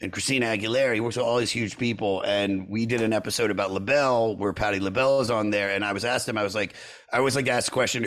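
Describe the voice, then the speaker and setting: A man hosting a podcast, chatting casually and animatedly about an album, often restarting his sentences. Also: on the low side. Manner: animated, lots of restarts and repeated phrases. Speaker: podcast host. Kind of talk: casual chat.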